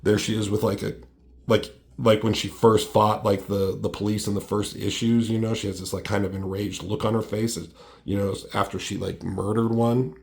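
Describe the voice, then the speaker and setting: A man's voice: fairly low pitch, little pitch movement, normal speed, creaky, darkish tone. Casual man walking through his own comic. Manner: loose, many fillers like "like" and "um". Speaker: comic creator reviewing his own book. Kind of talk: casual chat.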